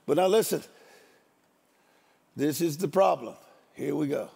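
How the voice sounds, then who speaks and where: A man's voice: a little high, a little slow, creaky, dark tone, husky. An older man, a guest preacher, giving a storytelling sermon in a folksy, joking country manner.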